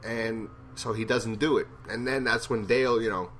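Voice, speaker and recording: A man's voice: mid-range voice, fairly even intonation, moderate pace, a bit bright, a little hiss or hum. A man giving a casual, rambling TV episode review, blunt and profane in his opinions. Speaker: TV show reviewer.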